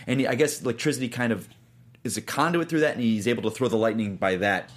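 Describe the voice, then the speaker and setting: A man's voice: mid-range voice, quick pace. A man co-hosting a movie news show, chatting casually, rambling and poking fun at himself. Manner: rambling, self-deprecating, excitable. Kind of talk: casual panel chat.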